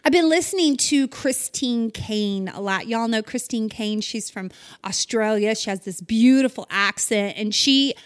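A middle-aged woman leads a spoken devotional, talking straight to her listeners. Her voice sits high and her pace is slow and deliberate. She sounds earnest and encouraging throughout. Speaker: devotional host.

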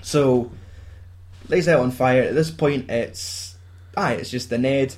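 A man's voice: mid-range voice, slow, a little mellow. Scottish guy going through a movie plot, lots of swearing and laughing, does the lines. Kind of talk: casual chat retelling a film plot.

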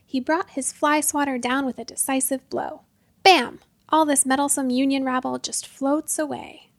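A woman narrating a storybook in a lively, expressive way. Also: high voice, moderate pace, gravelly, no room sound.

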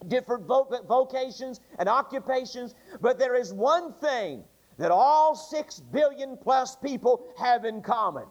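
High-voiced preacher in rhythmic sermon. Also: male voice. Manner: repetitive, rhythmic preaching cadence. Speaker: Baptist preacher. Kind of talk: Sunday morning sermon. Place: church sanctuary. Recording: dull lo-fi archive church tape.

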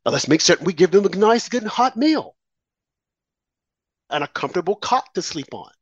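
An indignant man delivers heated, sarcastic commentary, his pitch swinging widely as he pushes his points. The sound is dull and dry, like a lo-fi recording. He sits on the higher side of the usual male range. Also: sing-song, normal speed, slightly rough, no echo. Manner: indignant, sarcastic, rising to shouts.

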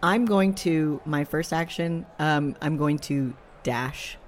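Female tabletop player, slow and unsure, many fillers. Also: low voice, slight background noise. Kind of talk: casual tabletop play.

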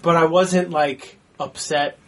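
A man's voice: on the high side, steady tone, takes it slowly, recorded from a distance. A man in casual movie talk who swears a lot and acts out his own reactions.

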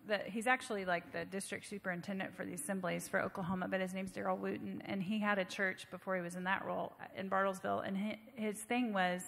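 A woman's voice: mid-range voice, level tone, fast talker, creaky, hardly any pauses, fairly bright tone, long reverb tail. A woman speaking conversationally and emphatically on a church panel.

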